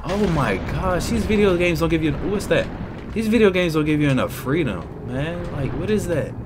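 A young man commentating his game playthrough, excitable and yelling at the game. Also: fairly high pitch, moderate pace, background noise. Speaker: gamer. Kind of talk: let's play commentary. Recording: game music behind.

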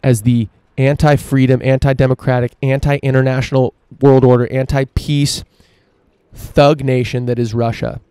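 A man's voice: mid-range voice, little pitch movement, normal speed, mellow, clear, resonant tone, dry recording. A man hosting a solo opinion podcast, ranting emphatically and swearing freely. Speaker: podcast host.

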